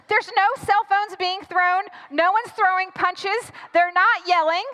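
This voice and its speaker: A woman pastor telling a dramatic personal story in a sermon, acting out her own panic with lively animation. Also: very high voice, measured pace, hardly any pauses, in a large hall. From United States.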